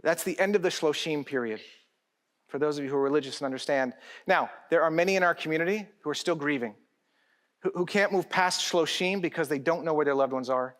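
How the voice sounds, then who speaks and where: A man's voice: on the high side, brisk, fairly bright tone. A middle-aged man giving a conference keynote speech, talking directly to the audience and joking with them.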